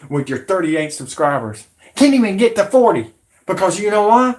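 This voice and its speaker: A man in his forties with a drawl rants at his audience in a combative, profanity-laced monologue. His voice sits somewhat high for a man. He sounds like a channel host talking straight to camera. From Alabama, USA. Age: 40s. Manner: profane, combative, shouting at viewers. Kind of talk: angry ranting monologue.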